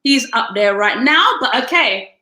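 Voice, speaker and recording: A woman's voice: fairly high pitch, expressive, unhurried, pushed and bright, echoey room. A woman hosting a casual interview, bubbly and laughing often. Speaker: host.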